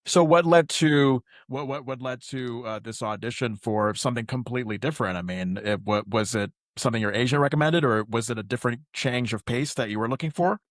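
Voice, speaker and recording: A man's voice: medium pitch, brisk, few pauses, dry recording. Male podcast host, eager questioner, dry close sound. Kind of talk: casual interview questions.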